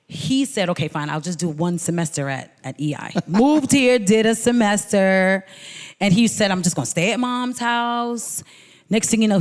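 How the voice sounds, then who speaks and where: Woman musician, animated storyteller, middle pitch, reverberant venue. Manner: lively storyteller, quotes people in voices. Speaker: guest musician. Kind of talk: artist talk conversation. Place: hall at a museum. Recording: reverberant hall.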